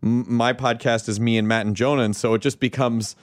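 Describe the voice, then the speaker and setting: A man who hosts a podcast, chatting casually with jokey deadpan asides. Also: mid-range voice, fairly quick. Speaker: podcast host.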